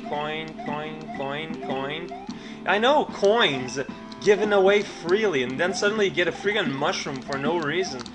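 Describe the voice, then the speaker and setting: A man playing a video game and commenting with wry, sarcastic asides. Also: fairly high pitch. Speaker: let's play host. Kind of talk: let's play commentary. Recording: game music clearly behind voice. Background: game music.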